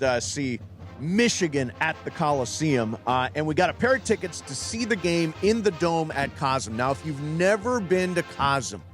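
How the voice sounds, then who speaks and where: A man from the Midwest hosting a sports talk radio show, animated and telling stories. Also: on the high side. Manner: animated, storytelling.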